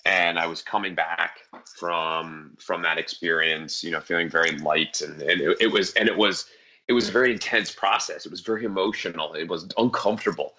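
A man's voice: low voice, a little fast, bright, forceful tone. A man from central New Jersey, a guest on a talk show, telling a personal story in an earnest, reflective way and chuckling now and then. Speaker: podcast guest.

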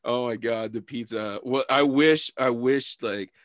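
A young man spins a rambling, swear-heavy story on a podcast and keeps slipping into exaggerated voices to act out what people said. His voice sits at an everyday middle pitch. The sound is dry and close, with no room around it. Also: a little slow, dry recording. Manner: animated, profane, lots of fillers and laughter. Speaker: podcast co-host. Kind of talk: casual storytelling chat.

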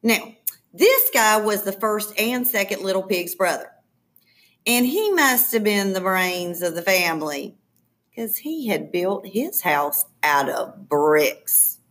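Expressive woman reading a children's story. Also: mid-range voice, takes it slowly. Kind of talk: children's story read aloud.

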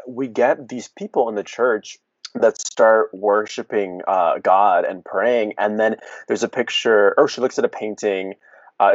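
Man, podcast co-host, relaxed plot recap, low voice. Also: dry recording, dull audio. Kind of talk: casual chat.

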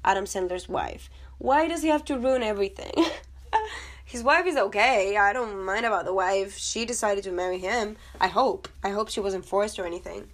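A woman's voice: medium pitch, moderate pace. A woman vlogger talking casually about a film, chatty and blunt, with swearing and rambling asides. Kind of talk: casual chat.

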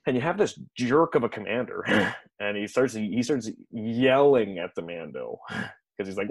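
A man's voice: lowish voice, animated, normal speed, a little mellow, slightly rough, no room sound. A man casually recapping a TV episode in a rambling way, full of fillers and restarts, chuckling now and then.

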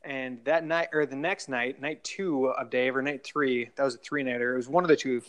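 A man's voice: medium pitch, steady tone, normal speed. A young adult man telling long, rambling stories in a casual podcast chat, full of fillers and restarts. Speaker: guest storyteller.

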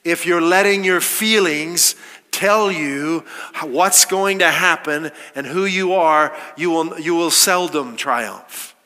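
Male pastor, emphatic sermon delivery, brighter and higher than most men, long hall echo. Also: slow pace. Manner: emphatic, rhetorical questions, quoting scripture. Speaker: preacher.

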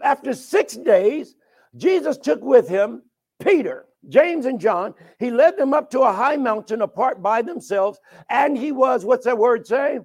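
High-voiced preacher, shouting and hushed by turns. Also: male voice. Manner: emphatic, swings from sudden shouts to hushed asides. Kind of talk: sermon with call and response.

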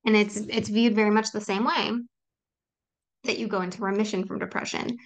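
A woman's voice: mid-range voice, steady tone, brisk. A woman hosting a solo podcast, talking earnestly and reassuringly to her listeners, with frequent ums. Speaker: podcast host. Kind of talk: personal solo podcast talk.

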